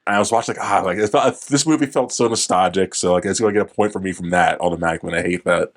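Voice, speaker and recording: A fairly low-pitched young man chatting casually on a movie review podcast. He rambles, drops the odd swear word and stumbles through corrections as he retells the plot. It sounds like loose talk between friends. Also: very fast. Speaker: podcast co-host.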